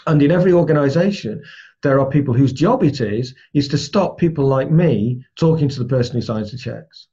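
A man teaches in a relaxed, conversational way. His voice is mellow and a little husky. The recording sounds dull and lo-fi. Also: medium pitch, fairly quick. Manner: conversational, explains with everyday examples. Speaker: trainer. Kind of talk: spoken lesson on rapport.

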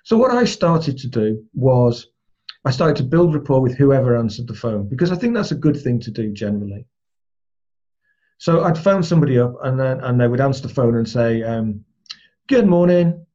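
A man teaches in a relaxed, conversational way. His voice is mellow and a little husky. The recording sounds dull and lo-fi. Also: mid-range voice, normal speed. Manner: conversational, explains with everyday examples. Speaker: trainer. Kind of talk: spoken lesson on rapport.

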